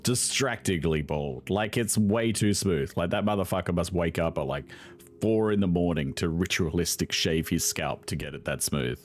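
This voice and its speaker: A man's voice: low-pitched, moderate pace. A young man commentating on a video game in a casual, sarcastic way, swearing freely and laughing often. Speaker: gaming video host.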